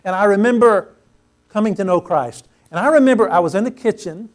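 High-voiced preaching man, emphatic. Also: animated, brisk. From Pacific Northwest US. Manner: emphatic, repeats phrases for stress, swells loud on key words. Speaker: pastor. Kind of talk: sermon. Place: church sanctuary before a congregation.

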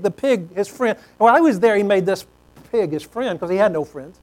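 High-voiced guy preaching, chatty folksy storytelling. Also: animated, brisk, a little mellow, poor audio. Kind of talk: sermon.

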